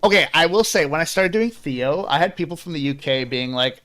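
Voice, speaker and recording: A man's voice: fairly high pitch, lively intonation, fairly quick, hardly any pauses, fairly bright tone. A man streaming a game and chatting casually, rambling and self-deprecating, swearing freely. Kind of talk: casual chat.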